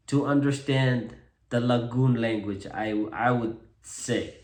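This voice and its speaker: A man with a Chuukese accent talking casually to camera, relaxed and self-deprecating, often pausing on fillers as he switches between English and Chuukese. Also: medium pitch, echoey room. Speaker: vlogger introducing himself as a translator.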